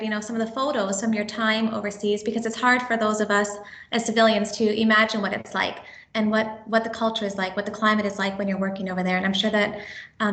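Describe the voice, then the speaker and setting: A woman at middle pitch moderates a library event, friendly and full of small fillers. Her voice rings out in a roomy space. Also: creaky, a bit bright. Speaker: event host. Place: public library event room. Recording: roomy echo.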